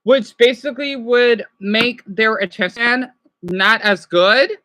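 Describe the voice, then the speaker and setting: A woman streamer reacting to videos in casual, rambling chat, excitable and talking back to her viewers. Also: a little high, slow, no echo.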